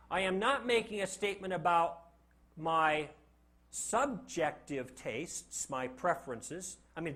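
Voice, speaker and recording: A male lecturer speaking to a classroom, with a fairly high voice that swoops up and down as he jokes. He keeps the room involved by asking the class rhetorical questions. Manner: animated, joking, asks the class rhetorical questions. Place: classroom with a live audience.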